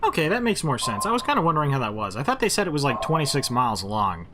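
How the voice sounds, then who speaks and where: A man's voice: medium pitch, very animated, quick pace. A man giving jokey, rambling commentary while playing a video game. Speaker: gaming host. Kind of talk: casual let's-play commentary. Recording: game noise behind his mic.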